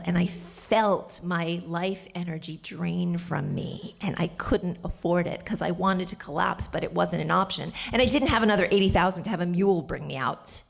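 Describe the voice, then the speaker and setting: A woman from the Bronx telling a personal story at a live storytelling show, animated, with sharp jumps up in pitch when she quotes people. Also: gravelly, breathy edge. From the Bronx, New York.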